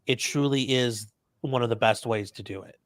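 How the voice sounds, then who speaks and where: A man with a medium-pitched voice hosts a livestream, chatting casually and reading viewers' super chats aloud. He often stumbles, halting and repeating words, and there's no room sound.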